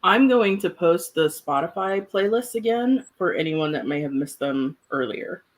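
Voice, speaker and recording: A woman's voice: lowish voice, lively intonation, normal speed. A woman co-hosting a livestream, chatting casually and laughing easily as she posts links for viewers. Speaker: co-host and early reader.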